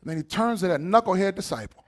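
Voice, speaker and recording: A man preaching a sermon, animated and acting out voices, rising to shouted peaks. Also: high-pitched, fast talker. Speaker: pastor.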